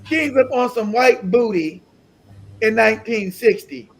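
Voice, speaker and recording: This is a man running his own live stream, talking in a high, gravelly voice. He rants with animated disbelief and swears casually. Bursts of laughter break up the commentary. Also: a little slow. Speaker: livestream host.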